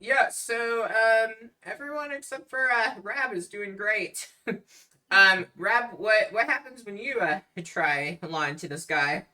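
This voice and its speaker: A woman's voice: medium pitch, slow, sharp tone. A woman running a tabletop game as game master, narrating with many hesitant ums.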